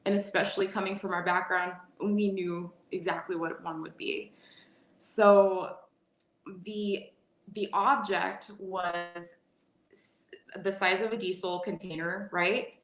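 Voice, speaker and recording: A woman in her forties, a guest telling a personal story in a casual interview, animated and quick to laugh, often restarting her sentences. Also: lowish voice, a little hiss or hum. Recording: echoey room.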